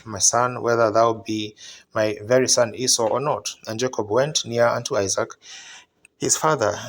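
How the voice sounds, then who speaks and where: A man giving a measured, solemn reading of scripture. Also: medium pitch, slight background noise. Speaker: Bible reader.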